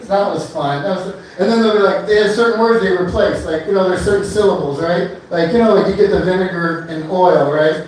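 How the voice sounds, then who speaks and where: A man's voice: sits high, fairly quick, few pauses, slight background noise. A man performing a stand-up comedy set on a bar stage, rambling loosely with many fillers between one-liners. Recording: echoey club room from far off.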